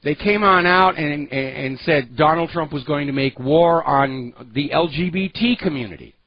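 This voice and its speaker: A man's voice: on the high side, moderate pace, lo-fi sound. Sarcastic male talk radio host. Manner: opinionated, sarcastic, emphatic. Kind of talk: political talk radio monologue.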